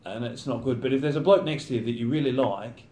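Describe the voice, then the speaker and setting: A man's voice: medium pitch, quick pace, mellow. A thirty-year-old man, a professional footballer, chatting casually in an interview and acting out his teammates' banter. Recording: roomy echo.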